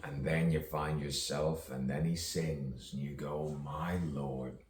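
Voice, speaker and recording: Very deep-voiced man rambling slowly. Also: fairly even intonation, darkish tone, roomy sound, far from the mic, slight background noise. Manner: free-associating, wordplay and rhymes, chuckles to himself. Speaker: poet. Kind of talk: rambling stream-of-consciousness monologue.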